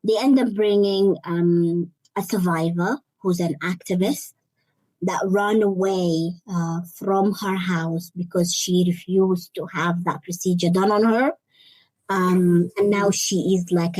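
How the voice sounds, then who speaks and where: A young adult woman guest sharing a personal story in an interview, earnest and halting, often repeating words as she searches for them. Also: lowish voice, a little mellow, no room sound, poor audio. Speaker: interview guest, life coach. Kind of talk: personal testimony in conversation.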